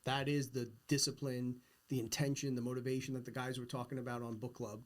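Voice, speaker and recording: A man's voice: mid-range voice, little pitch movement, a little fast. A middle-aged man hosting a podcast, talking earnestly and emphatically in a philosophical, casual conversation. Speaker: podcast host.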